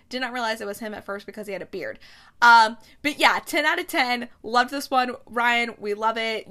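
A woman's voice: a little high, a bit bright. A young woman hosting a casual chat show, chatty and rambling, with lots of fillers and self-corrections. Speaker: podcast host reviewing TV movies.

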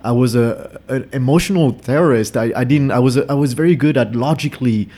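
A man's voice: mid-range voice, brisk, warm tone. A man around his thirties in a casual podcast chat, reflective and confessional, often repeating words.

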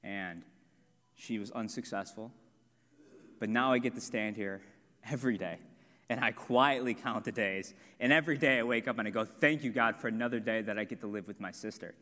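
A man's voice: on the low side, fast, sharp tone. A young man preaching a sermon with earnest personal testimony, building to emphatic points. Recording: long hall reverb.

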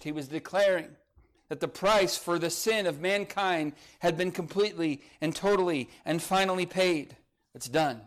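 Man, pastor preaching, slightly high voice, emphatic then hushed, reads scripture aloud. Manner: preaching with rising emphasis and quiet drops; reads scripture in old-style phrasing. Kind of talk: sermon.

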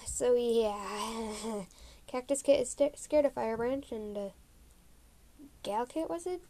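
A woman's voice: a little high, takes it slowly, warm tone. A woman casually recapping a role-play story, rambling and giggling with many fillers.

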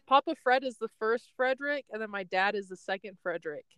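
A woman's voice: on the high side, expressive, quick pace, a bit bright, clean tone, dry recording, poor audio. A young woman hosting a podcast, telling a story in a casual, rambling way and laughing often. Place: in a parked car.

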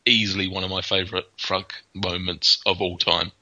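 Low, bright-toned man telling rambling anecdotes. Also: level tone, normal speed. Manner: rambling storyteller with many fillers and restarts. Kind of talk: casual chat, anecdotes. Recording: dull lo-fi sound.

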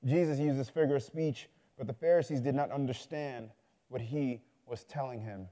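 A man's voice: medium pitch, moderate pace, mellow. A man preaching a sermon, telling a story in a loose, conversational way and building to fervent appeals.

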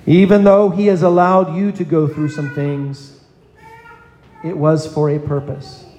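A man's voice: on the high side, mellow, slight background noise. A man preaching a sermon in a church, earnest, calling on children in the congregation by name. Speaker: pastor. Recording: echoey hall with long reverb.

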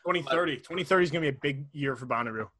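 A man's voice: a little high, very fast, bright, forceful tone. A young man co-hosting a podcast, joking and teasing in casual chat. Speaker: podcast co-host.

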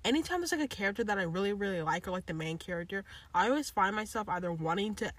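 A husky-voiced young woman in casual podcast chat, teasing her co-host and cutting in with slangy remarks. Her pitch sits in the middle range for a woman. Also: animated, fast talker.

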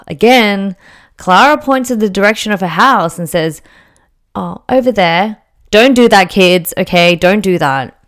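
A woman's voice: mid-range voice, unhurried, a bit bright, clear, resonant tone. A young woman telling a story casually, chatty and full of fillers and jokey asides.

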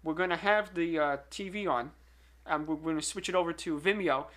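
A man with a bright, slightly high voice hosts a loose podcast chat. He talks in a rambling way, stammering and restarting with plenty of fillers. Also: a little fast. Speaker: podcast host and filmmaker. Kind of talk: casual podcast chat and commentary.

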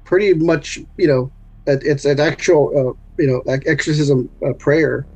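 A man's voice: fairly high pitch, normal speed, a little mellow, low-quality recording. Hesitant male actor guest. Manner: hesitant, modest, many fillers. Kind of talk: casual interview chat.

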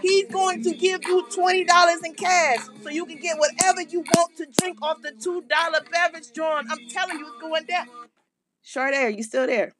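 A woman voicing a pushy radio DJ who loudly insists and hypes a prize, breaking into shouts. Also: very high voice, steady tone, moderate pace, music in the background. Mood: hyping.

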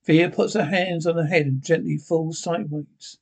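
Man reading stage directions, husky voice. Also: a little high, steady tone, moderate pace. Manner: plain reading with small slips and restarts.

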